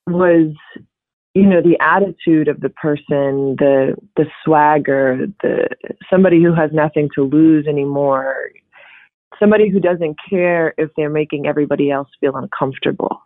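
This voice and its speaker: A woman actor talking casually as an interview guest, expressive and often laughing, with quick restarts. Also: low voice, no room sound. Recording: tinny phone-like dry line.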